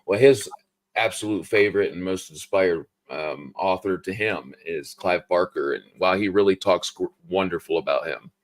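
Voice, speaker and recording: Rambling Ohio man, lowish voice. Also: normal speed. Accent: Ohio American. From Ohio, USA. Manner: rambling, laughs often, many fillers. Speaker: book channel host. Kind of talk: casual interview chat.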